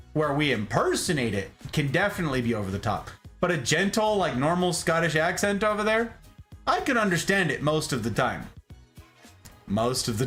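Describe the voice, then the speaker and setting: Male streamer host, bright and sharp tone, playful chat with viewers. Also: a little high. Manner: playful, animated, greets viewers by name. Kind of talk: casual chat reading live chat.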